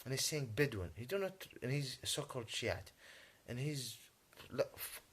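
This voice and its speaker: A native Arabic-speaking man delivering a rambling, agitated monologue in English, halting often and clearing his throat. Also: medium pitch, expressive, a bit bright. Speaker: vlogger.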